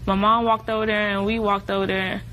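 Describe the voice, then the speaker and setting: A woman's voice: mid-range voice, level tone, brisk, bright, forceful tone, a little hiss or hum, poor audio. A young woman testifying as defendant, retelling events at length in a rambling way. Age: young adult. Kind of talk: courtroom testimony.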